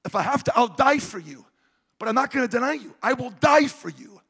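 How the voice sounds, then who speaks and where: A man preaching a sermon, moving between loud, impassioned retellings and quiet, conversational asides to the congregation. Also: very high voice, lively intonation, brisk, vocal fry, husky.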